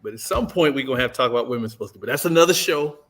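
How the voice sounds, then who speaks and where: A man's voice: mid-range voice, animated, racing, fairly bright tone. A middle-aged man speaking earnestly in a casual panel chat, often repeating himself to keep the floor.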